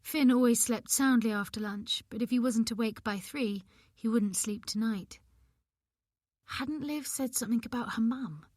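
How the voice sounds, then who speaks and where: Woman, audiobook narrator, first-person reading, expressive, measured, dry studio sound. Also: fairly high pitch, no room sound.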